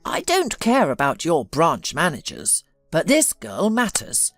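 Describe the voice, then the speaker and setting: A woman's voice: deep voice, wildly swooping pitch, unhurried, no room sound, faint music behind, exaggerated voice. A woman voicing an elderly wealthy father who speaks in an insistent, scolding way.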